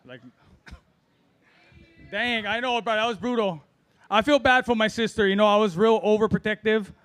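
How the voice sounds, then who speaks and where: High-voiced man rambling through stand-up. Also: fairly bright tone, clear, resonant tone. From Hawaii. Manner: rambling storytelling with fillers and drawn-out pauses. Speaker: amateur stand-up comic. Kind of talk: open-mic stand-up set.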